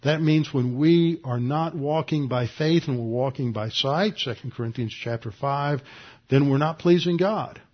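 A man's voice: mid-range voice, unhurried. Man teaching a sermon, dull recording. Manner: teaching, explains Greek grammar with filler words. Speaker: pastor. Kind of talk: expository sermon. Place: church room with congregation.

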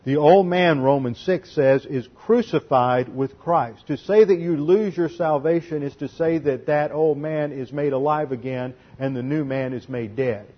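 A man's voice: fairly high pitch, measured pace, few pauses. A man preaching a methodical expository sermon, working through Greek grammar point by point. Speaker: pastor. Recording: dull lo-fi sermon recording.

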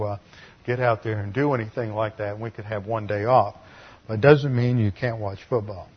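A man's voice: mid-range voice, breathy edge, muffled recording. A man preaching an expository sermon, earnest teaching broken by wry asides. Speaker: pastor.

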